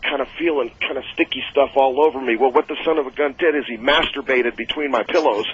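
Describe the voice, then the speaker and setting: A man's voice: mid-range voice, fast talker, husky. A middle-aged man, a former wrestler, telling rambling, chuckling stories as a guest on a radio show. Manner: rambling, chuckling storyteller with many fillers. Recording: dull lo-fi radio audio.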